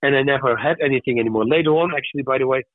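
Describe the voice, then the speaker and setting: A man on a podcast, telling personal stories in a lively, animated way and acting out the voices of the people in them. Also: mid-range voice, very fast, no echo. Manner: animated storyteller who acts out voices. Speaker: podcast guest. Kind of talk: casual storytelling. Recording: tinny phone-like dry sound.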